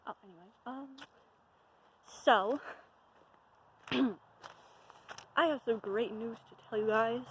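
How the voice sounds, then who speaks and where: A woman's voice: on the high side, slow pace, long pauses, poor audio. A young woman talking to her camera while hiking on a wooded trail, out of breath, nervous and giggly, trailing off now and then. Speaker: vlogger. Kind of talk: casual chat to camera while walking.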